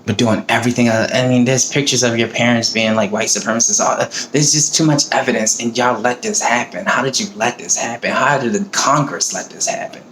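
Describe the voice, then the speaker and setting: A man's voice: mid-range voice, fairly even intonation, brisk, hardly any pauses, fairly bright tone, a little hiss or hum. A man on his own video giving a heated, profane, emotional rant about politics. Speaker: vlogger. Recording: roomy echo, faint ambience.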